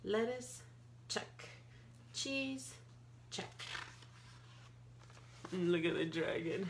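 Animated woman reading a picture book aloud. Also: fairly low pitch, slow pace, long pauses, slight background noise. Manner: playful, exaggerated gasps and excited outbursts. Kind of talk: animated read-aloud storytelling.

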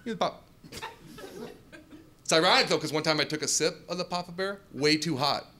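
A male stand-up comedian who tells his jokes in an animated way and acts out customers and counter workers, on a comedy club stage. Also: a little high, quick pace, slight background noise. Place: comedy club stage before a laughing crowd. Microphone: handheld stage mic. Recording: live club audience laughter.

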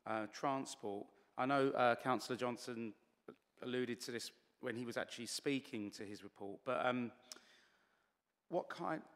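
A man's voice: mid-range voice, big-room sound. A man questioning as a councillor at a committee meeting, hesitant and slightly losing his voice. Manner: hesitant, many fillers and restarts.

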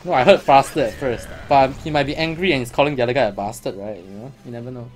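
A man's voice: mid-range voice, fast talker, soft background music. A man giving casual, chatty commentary as a gaming vlogger, laughing often.

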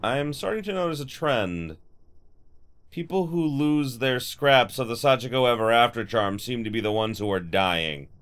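A man hosting a horror game let's play, reacting with loud exclamations. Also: medium pitch, expressive, moderate pace, clean tone.

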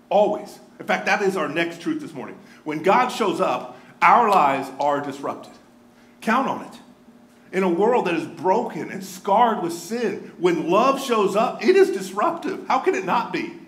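A male pastor preaches in a bright, high, swooping voice, animated and joking. The sound is roomy, like a large sanctuary, with a faint hum behind him. His delivery rises and falls as he tells the story. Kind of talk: sermon. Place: church sanctuary.

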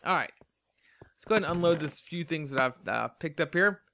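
A yawning, tired man narrates his own gameplay in loose, rambling commentary, chatting to himself as he goes. His voice sits a little high and sounds bright and sharp, with a faint hiss behind it. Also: animated, brisk, vocal fry. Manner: rambling, chatty, talks to himself while playing. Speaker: let's play host.

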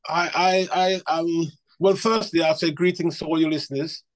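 A Cockney man speaks as a guest on a podcast. His voice is somewhat high and stays flat in pitch. His answers come out modest and hesitant. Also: moderate pace. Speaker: guest musician. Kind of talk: casual interview answers.

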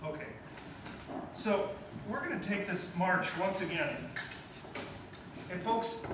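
Male band conductor, high voice, coaching tone, distant and echoey with room noise. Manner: coaching, encouraging, sings note syllables. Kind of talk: band rehearsal instruction. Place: school band rehearsal room. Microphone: distant room mic. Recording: echoey room from far off, noisy.

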